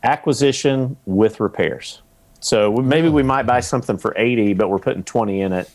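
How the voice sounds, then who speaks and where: A man as a podcast guest, explaining rental investing in a relaxed way with examples and acted-out quotes. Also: medium pitch, moderate pace. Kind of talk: casual interview talk.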